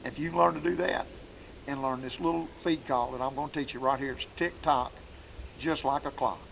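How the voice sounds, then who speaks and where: A man's voice: mid-range voice, steady tone, normal speed, vocal fry, fairly bright tone, slight background noise, low-quality recording. A man teaching duck calling outdoors in a folksy, plainspoken way. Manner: folksy, plainspoken, demonstrating calls. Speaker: duck call instructor. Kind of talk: outdoor hunting call lesson. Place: woods outdoors.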